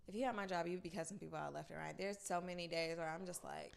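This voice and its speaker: A woman's voice: lowish voice, steady tone, quick pace, gravelly, smooth. A woman in her twenties co-hosting a casual podcast chat, speaking bluntly and cursing freely. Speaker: podcast co-host.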